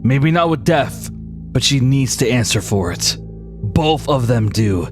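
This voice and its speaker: A man voicing a stern male tribal leader who speaks gravely. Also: expressive, music in the background. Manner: low, grave, measured.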